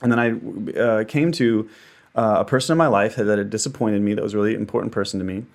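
Animated man telling a personal story. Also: fairly low pitch, fast talker. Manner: animated storyteller acting out his own inner voices. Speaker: actor and dancer guest. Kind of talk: casual conversation.

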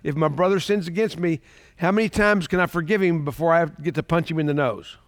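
Man, pastor, sermon, high voice, dry close sound, conversational, rhetorical questions. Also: brisk, no echo.

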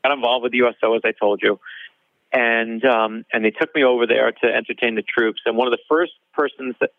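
Quick-talking guy telling a story, gravelly voice, thin phone-like sound. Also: medium pitch, no echo. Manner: animated storyteller, acts out dialogue. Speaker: author guest. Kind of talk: storytelling interview. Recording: dry tinny phone-like line.

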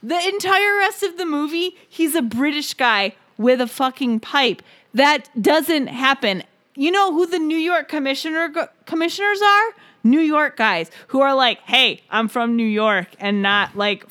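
A woman's voice: sits high, animated, a little slow, fairly bright tone. A woman in her forties co-hosting a podcast, joking and swearing in casual chat. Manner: joking, profane, riffing. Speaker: podcast co-host.

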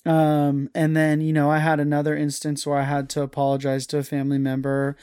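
A man's voice: a little high, completely flat delivery, a little fast, a little mellow, smooth, dry recording, studio quality. A man talking as an interview guest, earnest and confessional, often restarting his sentences. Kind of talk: casual chat.

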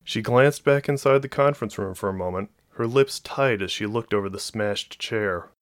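A man narrating a novel as an audiobook in a steady, even storytelling voice. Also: fairly low pitch, moderate pace, dry recording.

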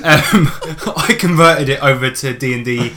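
A man's voice: medium pitch, a little slow, sharp tone. A man co-hosting a tabletop gaming podcast, chatting casually in a jokey, sweary, rambling way. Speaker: podcast co-host. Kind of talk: casual chat.

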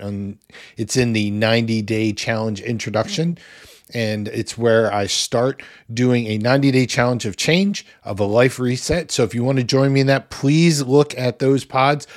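A man hosting a devotional podcast, teaching in an earnest, conversational way with the odd small laugh. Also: medium pitch. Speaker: podcast host.

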